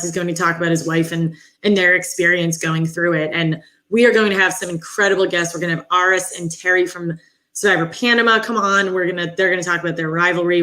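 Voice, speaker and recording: A woman co-hosting a podcast, chatting casually with jokey, quick asides. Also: lowish voice, sharp tone. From Boston area. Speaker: podcast co-host.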